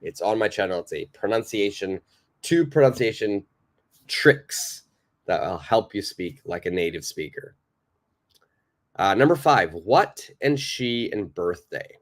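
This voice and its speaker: A man's voice: fairly low pitch, expressive, unhurried. A man teaching a live online English lesson, patiently repeating and praising viewers' answers.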